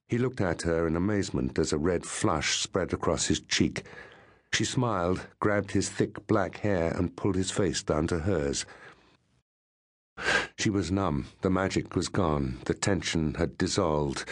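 Man, very deep voice, story reading, steady and unhurried, dry sound. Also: no room sound. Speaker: reader. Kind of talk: reading a literary story aloud.

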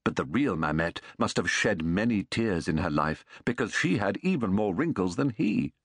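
A man narrating a story aloud in a measured, expressive reading as an audiobook narrator. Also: low voice, slightly rough, no echo, clean studio sound.

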